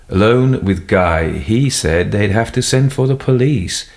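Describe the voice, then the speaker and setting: Deep-voiced male audiobook narrator. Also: animated, unhurried, few pauses. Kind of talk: scripted narration.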